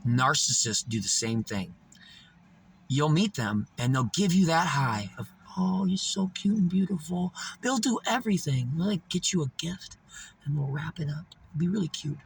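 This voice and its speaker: A man telling stories in casual talk, animated and swearing freely. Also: on the high side, moderate pace, slight background noise. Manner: animated, swearing, laughing at his own stories. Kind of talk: casual storytelling monologue.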